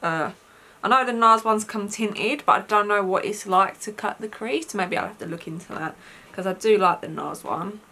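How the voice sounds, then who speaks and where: Chatty British woman with a bright voice. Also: mid-range voice, moderate pace. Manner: chatty, rambling with fillers. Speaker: beauty vlogger. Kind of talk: makeup tutorial talk.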